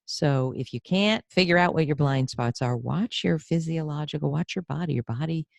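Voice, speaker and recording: A woman hosting a podcast interview as a career coach, effusive and animated, telling personal stories. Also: low voice, normal speed, gravelly, no room sound.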